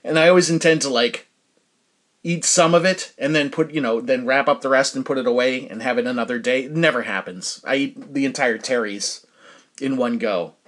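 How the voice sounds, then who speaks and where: A man's voice: medium pitch, moderate pace, a bit bright. A middle-aged man hosting a casual solo podcast, chatting in a rambling way and often stopping to restart his sentences. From New Hampshire. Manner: rambling, chatty, self-interrupting with fillers. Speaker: podcast host.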